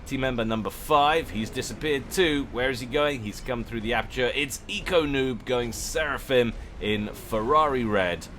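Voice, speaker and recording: A man's voice: medium pitch, moderate pace, few pauses, a bit bright, slight background noise. A man giving casual, jokey commentary on a strategy game match, chatty and often correcting himself. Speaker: game caster.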